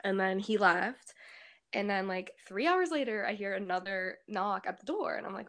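Creaky-voiced young woman with a Pittsburgh accent. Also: medium pitch, a little fast, fairly bright tone. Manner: chatty storyteller, many fillers, frequent laughs. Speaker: podcast co-host. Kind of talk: casual chat.

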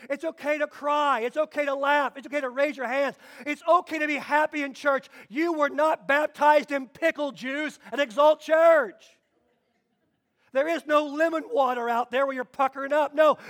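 A man with a strikingly high voice delivers a sermon to his congregation. He is lively and funny, hammering points home through repetition. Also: normal speed. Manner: energetic, humorous, repeats phrases for emphasis. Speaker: pastor.

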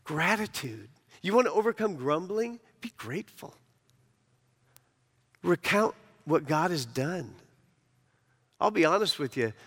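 A male pastor delivers a sermon in a slightly higher voice, building to emphatic peaks and then dropping to quiet, personal asides. His voice carries a long reverb from a church sanctuary. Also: very animated, a little slow, pauses often, husky.

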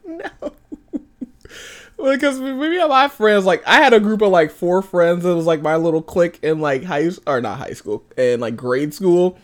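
A young woman co-hosting a casual movie review chat, giggling often and acting out quotes in high voices. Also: moderate pace. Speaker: co-host.

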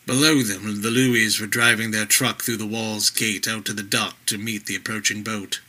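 Bright-voiced male story narrator. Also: lowish voice, normal speed, hardly any pauses, low-quality recording. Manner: vivid, expressive storytelling.

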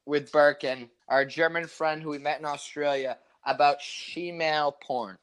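A young man with a slightly high voice rambles through a story on a casual podcast, swearing freely and acting out each quote. He sounds loose and laid-back. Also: fairly even intonation, moderate pace, fairly bright tone, clean tone. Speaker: podcast co-host.

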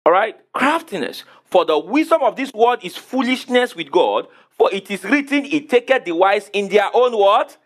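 A male pastor, preaching emphatically, asking the congregation questions and repeating key words slowly. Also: high voice, very animated. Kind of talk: sermon.

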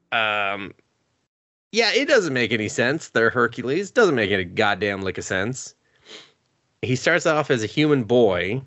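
A man's voice: mid-range voice, very animated, a little slow, a bit bright, no room sound. A man hosting a podcast, recapping anime in a rambling, profane, casual way while sick with a cough, chuckling often. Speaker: podcast host.

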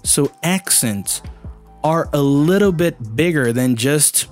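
Guy teaching english, kinda high voice, lots of "you know", faint music under it. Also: lively intonation, takes it slowly. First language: Portuguese. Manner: conversational and emphatic, many "you know"s. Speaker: language teacher. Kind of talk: casual video lesson.

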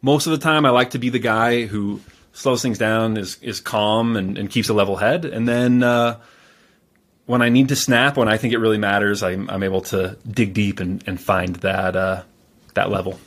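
A man speaking as a guest on a podcast, telling stories in a calm, measured way with frequent fillers and restarts. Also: fairly low pitch. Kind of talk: casual interview storytelling.

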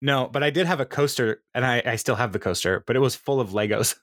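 This male co-host keeps a brisk pace in a mid-range, fairly bright voice, laughing frequently and wandering through casual podcast chat. The studio sound is clean, with no echo.

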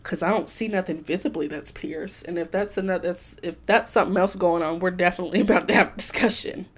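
A woman's voice: on the low side, steady tone, quick pace. A woman co-hosting a podcast, telling stories animatedly in casual chat and swearing freely. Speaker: podcast co-host.

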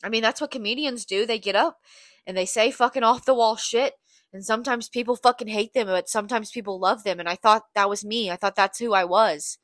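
A woman's voice: fairly high pitch, brisk, a bit bright, dry recording, studio quality. A young woman hosting a podcast, talking in a blunt, candid, profane confessional monologue. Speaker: podcast host.

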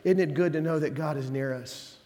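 With a fairly high-pitched, darkish voice and a slightly quick pace, a pastor preaches a sermon in a reverberant sanctuary. Conversational in style, he mixes in folksy asides and emphatic quotes.

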